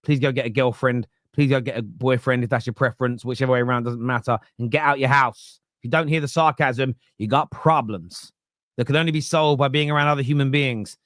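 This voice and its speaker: A man's voice: mid-range voice, steady tone, a little fast, fairly bright tone, no echo, clean studio sound. A man hosting a football fan podcast, chatting casually and sarcastically while reading out viewer comments. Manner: sarcastic, joking, rambling.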